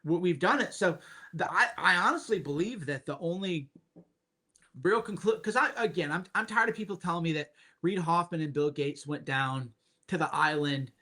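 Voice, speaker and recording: A man's voice: fairly high pitch, moderate pace, bright, forceful tone. A man as a podcast guest, talking emphatically in casual chat, repeating points with sardonic asides.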